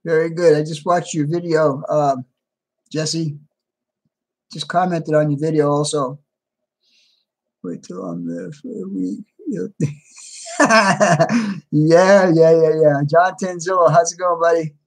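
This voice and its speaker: A man's voice: a little high, steady tone, unhurried. A man hosting a livestream, casually greeting viewers by name and answering chat, a little tired. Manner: reads out viewer names and replies to chat. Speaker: livestream host.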